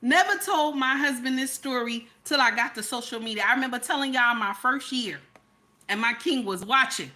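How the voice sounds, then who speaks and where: Woman giving relationship advice, emphatic, checks in with listeners, bright ringing voice, fairly high pitch. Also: normal speed. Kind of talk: storytelling advice monologue.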